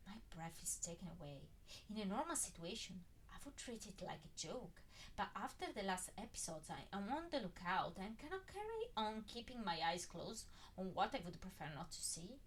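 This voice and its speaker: Woman narrating with wide pitch swings. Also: a little hiss or hum. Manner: expressive, swinging emphasis. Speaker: fan fiction reader. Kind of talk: first-person story narration.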